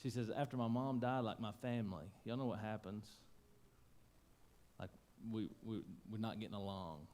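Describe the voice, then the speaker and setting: Folksy pastor telling a story. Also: male voice, fairly low pitch, normal speed, slight background noise. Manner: folksy, emotional, wide swings from loud to hushed. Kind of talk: sermon storytelling. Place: church sanctuary.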